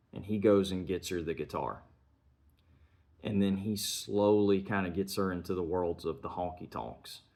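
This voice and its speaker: A man reviewing a film, retelling its scenes in an earnest, measured way and chaining sentences with "and". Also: low voice.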